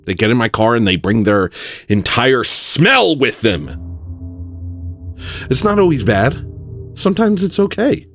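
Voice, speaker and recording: A man's voice: big pitch swings, a little slow, long pauses, fairly bright tone, soft background music. Man in a mock-earnest, rambling satirical monologue. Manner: mock-earnest, rambling, with sudden swings in pitch.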